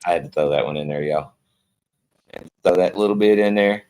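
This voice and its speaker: A low-pitched man hosts a casual live stream panel. He talks in a folksy, emphatic manner, hammering points home by repeating them over and over. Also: a little fast, darkish tone, clear, resonant tone, rough recording. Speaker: livestream host.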